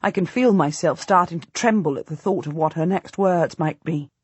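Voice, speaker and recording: A woman narrating a historical audiobook in the first person, measured and storytelling. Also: on the low side, breathy edge, dry recording.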